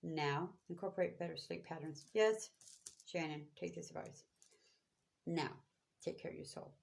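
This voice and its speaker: Low gravelly woman giving spiritual advice. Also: level tone, normal speed. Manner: preachy, repetitive, emphatic. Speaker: spiritual reader. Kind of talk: spiritual guidance livestream.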